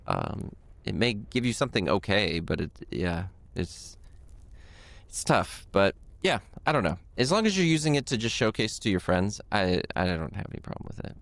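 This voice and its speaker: A man's voice: on the low side, big pitch swings, moderate pace, gravelly, fairly bright tone. A man co-hosting a casual podcast, easygoing and rambling with lots of fillers. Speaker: podcast co-host.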